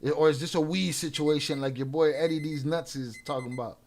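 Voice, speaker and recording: A man hosting a live stream in casual chat. He trash-talks trolls with a lot of swearing and gives quick shout-outs full of restarts. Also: a little high, steady tone. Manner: profane and combative, trash-talking trolls.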